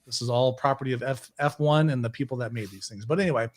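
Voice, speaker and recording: A man's voice: mid-range voice, quick pace. A man hosting a casual podcast, rambling and correcting himself as he goes. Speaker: podcast host.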